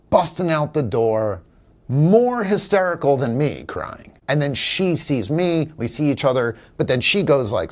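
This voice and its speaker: A man in an interview, telling a personal story in an earnest, reflective, emotional way. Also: medium pitch. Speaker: actor, interview guest; father and teacher. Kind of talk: candid conversational storytelling.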